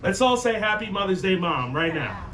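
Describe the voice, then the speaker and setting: Male stand-up comic, high-pitched, profane storyteller; distant mic, noisy crowd. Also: moderate pace. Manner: profane, animated storytelling with acted quotes. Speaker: stand-up comedian. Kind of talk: stand-up comedy set. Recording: echoey room, far from the mic, noisy.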